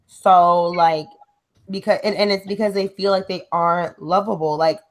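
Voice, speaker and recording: A woman's voice: fairly low pitch, steady tone, normal speed, low-quality recording. A young woman co-hosting a casual chat show, telling a long story and saying "like" constantly. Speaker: co-host.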